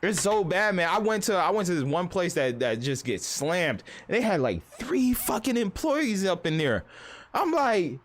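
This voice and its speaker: A man's voice: high-pitched, big pitch swings, normal speed. A man live-streaming, ranting casually and profanely in a rambling, storytelling way.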